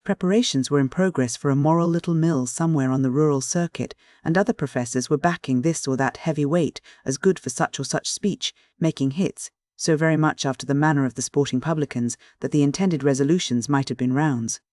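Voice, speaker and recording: Male narrator for classic audiobook: measured, even delivery, slightly high pitch. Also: no room sound, clean studio sound.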